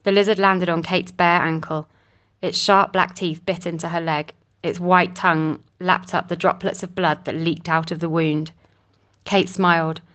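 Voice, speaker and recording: A woman narrating a novel chapter in a steady, measured reading. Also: fairly low pitch. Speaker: audiobook narrator. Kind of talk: scripted narration.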